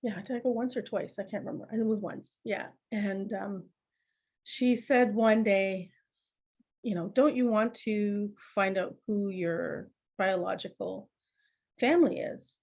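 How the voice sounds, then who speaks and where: A middle-aged woman, a podcast guest telling family stories in a lively, laughing, conversational way. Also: mid-range voice, a little slow. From Canada. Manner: laughs often, animated anecdotes with acted quotes. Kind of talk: conversational storytelling.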